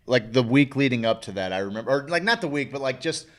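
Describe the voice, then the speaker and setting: A young adult man co-hosting a casual chat show, reflective and halting, with restarts and the odd casual swear. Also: medium pitch, expressive. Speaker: podcast co-host.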